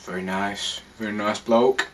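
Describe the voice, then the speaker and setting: A man voicing a gruff pub-going bloke with a put-on Yorkshire accent, speaking low, slow and mumbling. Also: fairly even intonation, natural voice.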